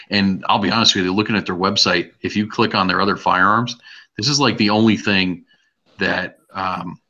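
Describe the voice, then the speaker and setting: A man co-hosting a gun podcast, talking casually with a joking, drawn-out delivery. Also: low voice, bright, forceful tone, muffled recording. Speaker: podcast co-host. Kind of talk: casual chat.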